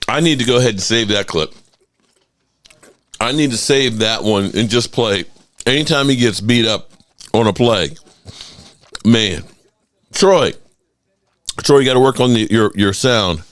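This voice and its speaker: A man's voice: mid-range voice, animated, slow pace, pauses often. A man hosting a live sports reaction stream, laughing often and mockingly repeating clips.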